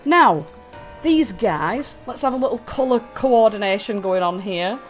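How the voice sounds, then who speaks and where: A woman's voice: mid-range voice, lively intonation, unhurried, soft background music. A woman running a tabletop fantasy game, narrating in a chatty way with many fillers and restarts. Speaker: dungeon master.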